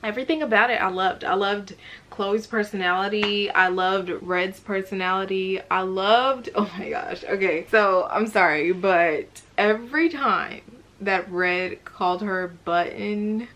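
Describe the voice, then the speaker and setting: Woman book vlogger, casual slangy chat, lively delivery, middle pitch. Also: unhurried. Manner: chatty, slangy and animated, with frequent laughs. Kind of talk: casual chatty book review.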